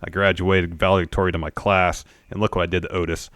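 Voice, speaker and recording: Deep-voiced man recapping matter-of-factly. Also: little pitch movement, quick pace, fairly bright tone, dry recording, clean studio sound. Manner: matter-of-fact recapping, frustrated complaints. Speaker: podcast co-host. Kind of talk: casual wrestling recap chat.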